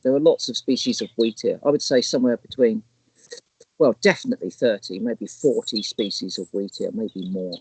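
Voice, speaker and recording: A man's voice: fairly low pitch, moderate pace, a little mellow, slightly rough, dry recording, poor audio. A man co-hosting a casual live stream, explaining bird species in a rambling, chatty way with lots of restarts. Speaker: naturalist co-host. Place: outdoors in the countryside.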